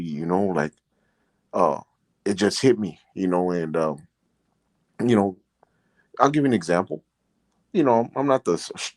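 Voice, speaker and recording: In a lowish voice with no room sound, a middle-aged former prisoner who hosts a podcast shares his experiences in a loose, rambling storytelling style. He leans heavily on "you know" and becomes earnest and emotional as he talks.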